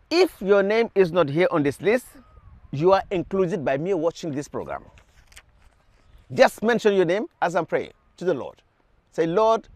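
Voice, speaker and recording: A man's voice: high-pitched, a little mellow, no echo. A man leading a televised prayer sermon, urging viewers with fervent repeated calls. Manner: fervent, repetitive exhortations to the viewer. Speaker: preacher.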